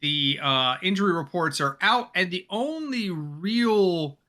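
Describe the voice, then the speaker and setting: A man's voice: high voice, expressive, slow, pushed and bright. A man co-hosting a football podcast, chatty and joking, a little tired, talking in casual chat. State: tired, yawning. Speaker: podcast co-host.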